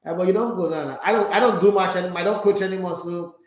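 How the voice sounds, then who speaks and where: A man's voice: high voice, very fast, roomy sound, rough recording. A Nigerian man hosting a sports show, chatting casually and opinionated as he reacts to listener comments. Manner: animated, opinionated, with frequent asides.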